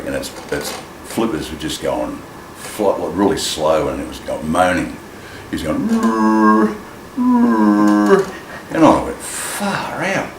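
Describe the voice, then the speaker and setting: A man telling a personal story in an animated way, acting out the voices in it. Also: extremely low pitch. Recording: echoey room with clear ambient noise.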